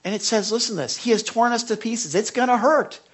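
A preacher delivering a sermon in an animated, excitable way, swinging between loud exhortation and hushed, soft lines, with frequent restarts. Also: medium pitch, a little fast, husky. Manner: excitable, with restarts and self-corrections.

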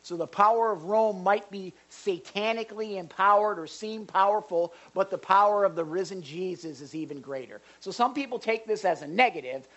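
Excited pastor preaching with animated emphasis. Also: mid-range voice, normal speed, hardly any pauses, muffled recording. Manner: animated, gets excited and louder; jokey asides to the congregation. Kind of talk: sermon.

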